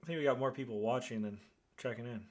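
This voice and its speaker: A man's voice: medium pitch, quick pace. A man with an upstate New York accent hosting a radio net as net control, chatty and rambling with lots of fillers.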